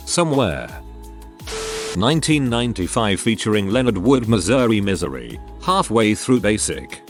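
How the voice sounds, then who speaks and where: Man narrating stories over faint music. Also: on the low side. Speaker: story narrator. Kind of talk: reading stories aloud.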